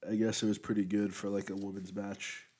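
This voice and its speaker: A man talks through a wrestling show review in a loose, rambling way, with lots of fillers. His voice sits a little low and sounds dark and relaxed. He records at home and eats as he talks. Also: a little fast. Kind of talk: casual spoken review. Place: at home, eating while recording.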